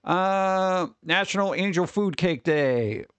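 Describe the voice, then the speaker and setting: A man's voice: sits high, slow pace, a bit bright, smooth, no room sound. A man streaming live, reading holidays aloud and cracking jokes in a casual, playful way. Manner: joking, playful, riffing.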